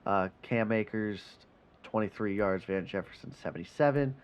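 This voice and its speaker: A young man giving casual, animated commentary over a football video game, cursing and swinging between frustration and excitement. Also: on the low side, normal speed, clean tone. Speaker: gaming commentator. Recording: slightly dull sound, faint background noise.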